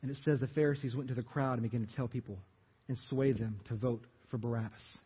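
A man's voice: mid-range voice, steady tone, quick pace, husky. Pastor guy telling a bible story big and dramatic, kinda muffled recording in a church. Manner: dramatic storytelling, acting out crowd voices. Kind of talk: sermon. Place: church sanctuary. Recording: dull reverberant church recording.

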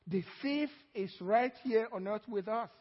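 A man with a very high voice preaches slowly, drawing out his words and asking the congregation to answer him. He is recorded in a church hall with long reverb, and the sound is dull and lo-fi. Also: slightly rough. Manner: preaching with call-and-response, drawn-out emphatic phrases. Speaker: pastor. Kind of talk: sermon.

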